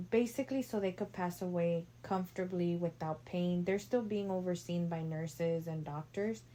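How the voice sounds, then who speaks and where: Lady podcaster telling funeral home stories, kinda low voice, lots of "like" and "you know". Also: dark tone. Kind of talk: casual storytelling.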